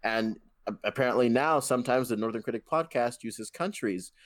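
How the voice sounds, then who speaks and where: A man's voice: medium pitch, a little fast, no echo. A man hosting a casual film review podcast, rambling with many fillers and restarts. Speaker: podcast host.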